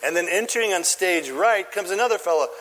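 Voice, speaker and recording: A man preaching a sermon, telling a story in an animated way and asking the audience questions. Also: high-pitched, brisk, in a large hall. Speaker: pastor.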